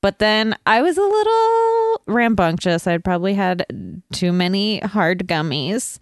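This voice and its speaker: Giggly woman host, lively pitch. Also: a little slow, no room sound, clean studio sound. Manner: giggly, playful storyteller. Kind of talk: casual comedic chat.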